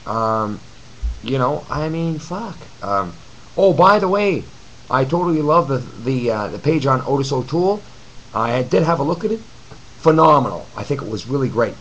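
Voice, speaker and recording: A man's voice: medium pitch, very animated, normal speed, fairly bright tone, a little hiss or hum, low-quality recording. A man giving a blunt, profane, rambling webcam rant to his viewers from his apartment. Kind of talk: ranting webcam video reply. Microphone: camcorder mic.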